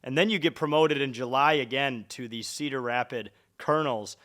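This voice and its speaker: A man from Minnesota hosting a casual interview, upbeat and jokey with quick reactions. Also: medium pitch, a bit bright. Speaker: podcast host.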